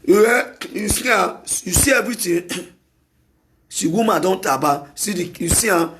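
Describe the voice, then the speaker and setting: A Nigerian-accented man hosts a talk show with an opinionated solo monologue. His voice sits high for a man, and he hammers his points through repetition, at times breaking into shouts. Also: animated, normal speed, background noise. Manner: emphatic and repetitive, with bursts of shouting.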